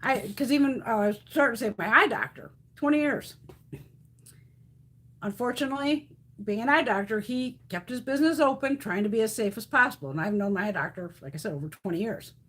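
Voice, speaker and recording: A woman's voice: a little high, brisk, husky. A woman in her fifties chatting casually on a live stream, blunt and profane, telling stories with lots of animation. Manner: blunt, swears freely, animated storytelling.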